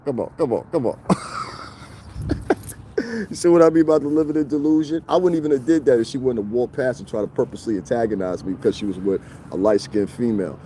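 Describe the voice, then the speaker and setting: Standing outdoors by a street, a man with a dark, mid-range voice livestreams a mocking, confrontational rant to his viewers, laughing often. A little hiss or hum sits in the audio.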